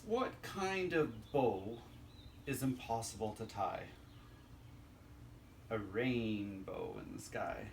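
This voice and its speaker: A man's voice: medium pitch, sing-song, slow pace, gravelly, long pauses, recorded from a distance, a little hiss or hum. A man reading a children's joke book aloud, chuckling at his own jokes.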